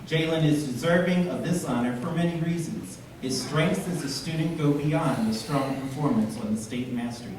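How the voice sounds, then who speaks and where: A man presents school awards at a ceremony, reading formal citations in a steady manner in an auditorium. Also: on the high side, slight background noise. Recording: echoey auditorium from far off.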